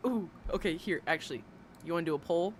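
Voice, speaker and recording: A woman's voice: fairly low pitch, fast talker. Woman, livestream host, blunt, sarcastic, profane rant, noisy background. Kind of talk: ranting gossip commentary.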